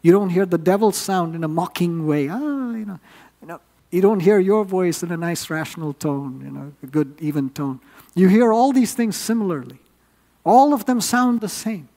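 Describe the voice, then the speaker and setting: A man's voice: sits high, moderate pace, warm tone, big-room sound. A man preaching a sermon, earnest and building up with rising emphasis.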